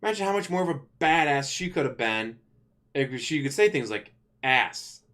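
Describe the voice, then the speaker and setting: A man vlogging in a casual, complaining rant, animated and swearing freely. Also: on the high side, brisk. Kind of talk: casual ranting commentary.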